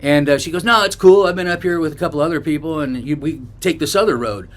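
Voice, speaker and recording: A middle-aged man from Northern California tells a travel story straight to camera, rambling and casual. He trips over restarts and fillers, and jumps louder whenever he acts out what someone shouted. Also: a little high, quick pace. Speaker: travel vlogger.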